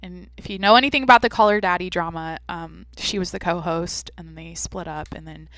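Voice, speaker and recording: A woman's voice: fairly low pitch, a little fast, a bit bright, no echo. Nasal woman rambling on her podcast. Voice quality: nasal, slightly congested sound. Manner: rambling, chatty, profane and self-mocking. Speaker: podcast host. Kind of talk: casual solo podcast chat.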